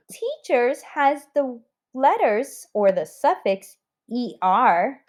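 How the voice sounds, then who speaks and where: Teacher woman, higher voice, unhurried, spells words letter by letter for young pupils. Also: sing-song, a little mellow. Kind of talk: recorded spelling lesson for children.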